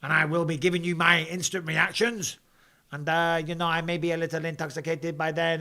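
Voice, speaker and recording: A man's voice: a little high, steady tone, normal speed, bright, forceful tone. A man hosting a live stream from home, chatting casually in a blunt, jokey way.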